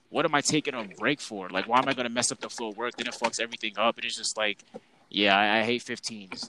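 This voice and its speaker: A man's voice: medium pitch, noisy background. A young man co-hosting a casual podcast, ranting in an exasperated, slang-heavy way about his coworkers. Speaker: podcast co-host.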